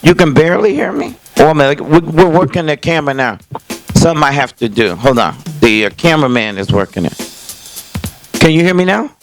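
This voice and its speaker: A man's voice: on the high side, fairly quick, faint music behind. An older man hosting a call-in talk show, chatting loosely to viewers in a folksy way with lots of "you know" and restarts. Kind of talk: casual rambling monologue to viewers. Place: small indoor set filmed by a cameraman. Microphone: speakerphone call on camera.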